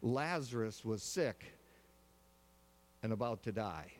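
Pastor preaching in a reverberant hall. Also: male voice, fairly low pitch, expressive. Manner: measured storytelling with slow, weighty pauses. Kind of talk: sermon.

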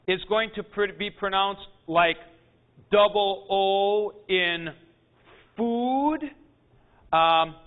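A man teaching a Greek class, explaining pronunciation in a deliberate lecture and clearing his throat often. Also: high voice. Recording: tinny phone-like lo-fi recording.

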